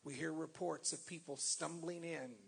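A man preaching a sermon and reading scripture, with dramatic pauses, swelling loud and then dropping to a hush. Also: a little high, fairly even intonation, vocal fry, husky. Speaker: pastor.

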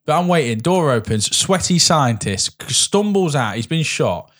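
A man's voice: a little high, big pitch swings, moderate pace, a bit bright. A man talking casually and enthusiastically about a film, rambling and laughing often.

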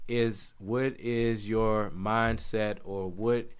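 A man co-hosting a casual chat, laid-back and joking, quick to affirm. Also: on the low side, steady tone, smooth. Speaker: podcast co-host.

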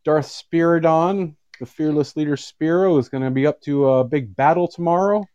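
A man's voice: on the high side, moderate pace, warm tone, dry recording, highs cut off. A man from Canada chatting on a podcast, blunt and profane. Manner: blunt, profane, laughs easily. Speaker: podcast guest. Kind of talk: casual chat.

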